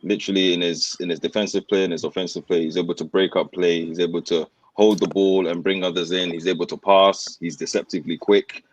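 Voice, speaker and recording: A man with a low voice speaks on a remote podcast call. He talks in a steady way, listing points one after another. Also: fast talker, hardly any pauses, lo-fi sound. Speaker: podcast panelist. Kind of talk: casual football podcast chat.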